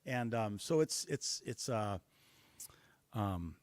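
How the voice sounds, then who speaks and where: A man's voice: fairly low pitch, expressive, slow, dry recording. A man being interviewed about drumming, explaining rhythms and counting and singing the beats aloud. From Seattle-based. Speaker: guest musician, drummer.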